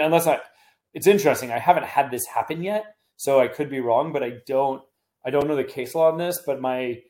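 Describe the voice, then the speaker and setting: A man in a middle pitch answering listener questions as a defense lawyer on a casual podcast. He thinks out loud, restarting sentences and hedging before landing on his point. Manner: thinking aloud, frequent restarts and hedges.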